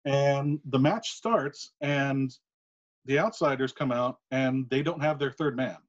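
A man co-hosting a podcast, telling a long story in a casual, animated way with quick asides. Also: medium pitch. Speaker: podcast co-host. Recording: muffled lo-fi recording.

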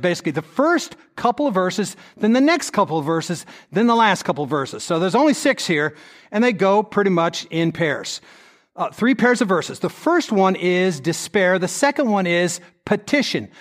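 A male pastor preaching to his congregation, dramatic as he voices the prayers of troubled people. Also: high-pitched. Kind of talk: sermon. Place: church sanctuary with congregation.

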